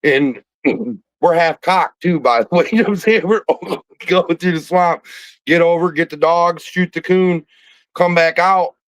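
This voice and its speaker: A man's voice: on the high side, a little slow, dry recording, low-quality recording. A man hosting a podcast, telling a rambling, profane hunting story with laughs, in a casual chat. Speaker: podcast host.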